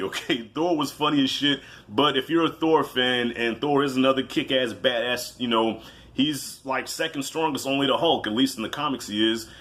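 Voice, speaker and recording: Animated, cussing man reviewing a movie. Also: mid-range voice. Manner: animated, profane, storytelling with acted-out reactions. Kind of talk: casual video review.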